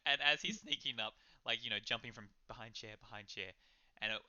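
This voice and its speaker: Bright, crisp-voiced man running a game. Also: mid-range voice, fairly quick, no room sound. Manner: casual, filler-heavy storytelling. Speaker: game master. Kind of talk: narrating a tabletop game. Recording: slightly dull lo-fi recording.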